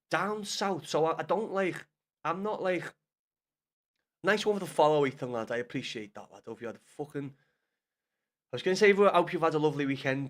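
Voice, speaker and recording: Scouse man, gaming streamer, loose casual chat, swears a lot, a bit high-pitched. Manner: chatty, swears freely, talks straight to chat.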